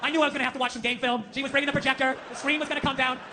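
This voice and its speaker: A man on stage ranting through a stand-up set, his voice high and sharp, the words rushing out. He swears freely and acts out the people in his stories. The sound rings with long hall reverb and faint audience ambience behind it. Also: level tone, slight background noise. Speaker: stand-up comedian. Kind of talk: stand-up rant. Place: live comedy venue.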